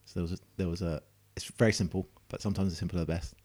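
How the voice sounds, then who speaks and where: A man with a low voice and a rapid delivery, co-hosting a podcast. He is quick and nerdy, plays with puns and teases his co-host. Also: fairly even intonation, darkish tone, breathy edge. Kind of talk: casual chat.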